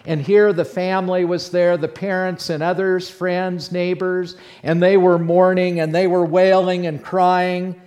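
A man voicing the apostle Peter, a bold and outspoken fisherman, recounting what he witnessed in a first-person dramatic monologue. His voice sits a little high for a man. The telling is animated, dropping to near-whispers and then rising loud again. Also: measured pace, few pauses. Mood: awed storytelling. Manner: animated storyteller, swinging between hushed and loud. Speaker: preacher in character.

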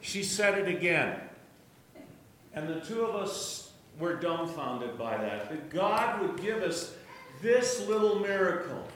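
Man, church testimony, animated storyteller, boomy hall echo, faint hiss. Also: takes it slowly. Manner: storytelling, animated, joking asides. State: hard of hearing. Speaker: church speaker sharing a testimony. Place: church sanctuary. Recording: echoey church room, distant mic.

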